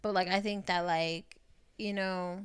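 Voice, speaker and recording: A woman's voice: fairly low pitch, steady tone, unhurried, clean tone. A woman in her thirties telling stories bluntly in casual podcast chat, swearing freely and acting out the lines of the people she quotes. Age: 30s. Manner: blunt, profane storytelling with acted-out quotes. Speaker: podcast co-host.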